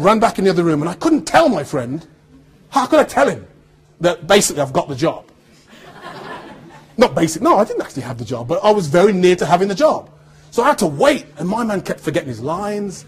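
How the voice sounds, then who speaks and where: A man giving an animated storytelling talk to students about his acting career, acting out the dialogue he quotes. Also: high-pitched, slightly rough. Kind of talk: anecdotal storytelling speech.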